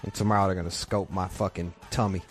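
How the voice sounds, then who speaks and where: A man with a low voice hosts a podcast from home. He rambles through crude, profane stories in a loose comic rant, with faint music behind him. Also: little pitch movement, fast talker. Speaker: podcast host. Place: home couch.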